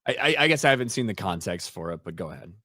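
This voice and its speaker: A man's voice: sits low, sing-song, racing, sharp tone, dry recording, studio quality. Blunt, profane podcast co-host, a man. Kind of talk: casual podcast chat.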